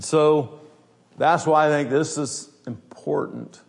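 A man's voice: on the high side, steady tone, takes it slowly, gravelly. A man preaching a sermon as pastor, blunt and emphatic, with many rhetorical questions.

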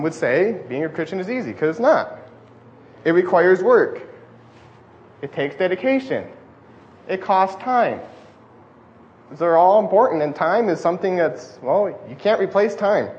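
Fast-talking young man preaching. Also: sits high. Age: young adult. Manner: fast-talking, self-deprecating. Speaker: student preacher. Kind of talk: sermon. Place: church hall with air conditioning. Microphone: lapel mic. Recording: dull lo-fi audio with faint hum. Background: faint air conditioning hum.

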